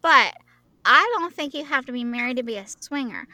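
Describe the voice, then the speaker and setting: A woman with a high, bright voice co-hosts a casual podcast. She talks playfully and jokes with her friend. The sound is close and dry. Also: lively intonation, normal speed, dry recording. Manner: playful, joking, puts on silly voices. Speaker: podcast co-host. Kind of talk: casual chat.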